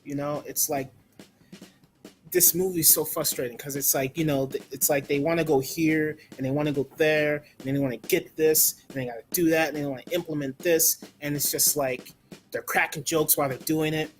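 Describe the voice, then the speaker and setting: A man's voice: on the high side, steady tone, normal speed, soft background music. A man giving a blunt, casual movie review, ranting with lots of "like" and some swearing.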